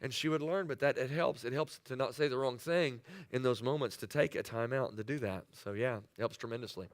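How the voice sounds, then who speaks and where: A man co-preaching with his wife, telling a lively story about their marriage with jokes. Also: mid-range voice, fairly quick. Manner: animated storyteller, jokey. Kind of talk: sermon, storytelling.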